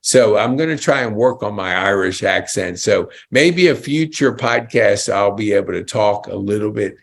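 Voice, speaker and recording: A man's voice: on the low side, expressive, moderate pace, creaky. A man hosting a casual interview podcast, chatty and enthusiastic with frequent exclamations. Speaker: podcast host.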